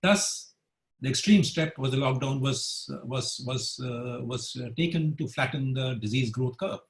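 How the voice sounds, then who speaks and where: A man with a mid-range voice gives his analysis as a senior newspaper editor over a video call. He pauses often, filling gaps with hesitant sounds as he builds his argument. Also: medium pitch, poor audio. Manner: hesitant, frequent uh fillers. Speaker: newspaper editorial director, panelist. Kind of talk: webinar panel remarks.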